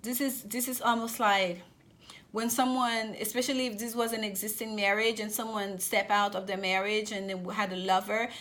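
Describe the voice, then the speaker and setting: A woman giving a general tarot reading, talking fast and often restarting and repeating words as she goes. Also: mid-range voice, level tone, fairly bright tone. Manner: rapid, repetitive with many restarts. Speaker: tarot reader.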